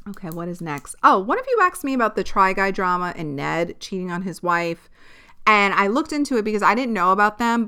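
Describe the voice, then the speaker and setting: A woman's voice: mid-range voice, smooth. Blunt, profane young woman podcaster. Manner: blunt, profane, animated venting. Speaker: podcast host. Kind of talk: casual solo podcast rant.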